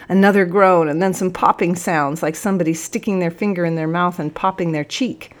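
A woman narrating a first-person story in a scripted reading. Her voice sits somewhat low for a woman, and her tone is earnest and reflective. She moves steadily through both the action and the quieter thoughtful passages. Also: steady tone, a little fast, hardly any pauses.

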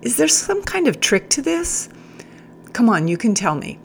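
A woman voicing a wry male prisoner who talks in a slow, teasing drawl in an audiobook story. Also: fairly high pitch, very animated, gravelly, a little hiss or hum, pitched above the performer's own voice. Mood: sly, teasing. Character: wry older male prisoner, sly and joking.

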